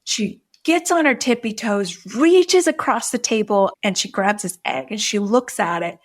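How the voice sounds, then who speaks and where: A woman's voice: medium pitch, a little slow. A middle-aged woman, a podcast guest, earnestly retelling a personal story in vivid detail.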